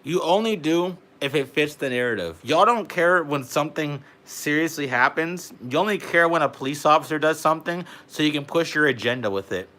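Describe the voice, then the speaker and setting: A man's voice: fairly high pitch, animated, fairly quick, hardly any pauses, sharp tone. A young man, delivering a heated, profane political rant to camera and peppering his talk with "bro". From Canada. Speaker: vlogger.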